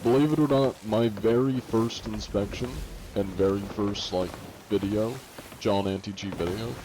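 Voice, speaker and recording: A man's voice: lowish voice, steady tone, moderate pace, background noise. A male streamer in casual live-stream chat, reading and answering viewers' messages offhandedly, with some swearing.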